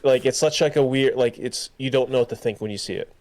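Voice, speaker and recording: A young man with a smooth, resonant voice at a middling pitch, chatting loosely as a podcast co-host. He rambles, starts sentences over and leans on fillers as he goes. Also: fast, darkish tone. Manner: rambling, full of fillers and restarts. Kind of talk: casual chat.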